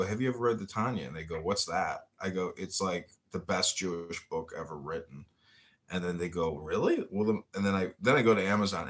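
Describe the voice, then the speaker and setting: A man hosting a casual chat, telling stories in a rambling, profane way. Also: on the low side. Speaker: host.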